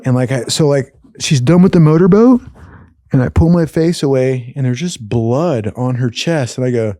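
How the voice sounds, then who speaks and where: At a normal pace and in a mid-range voice, a man rambles through wild stories, cursing, tossing in asides, and calling people "dude." He's lively and slangy throughout, and the studio recording is clean with no echo.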